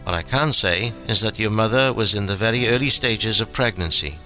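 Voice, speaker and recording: Cautious police inspector, official tone, read by a man, soft music underneath. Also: on the low side, a little fast. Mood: guarded. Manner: formal, guarded, official.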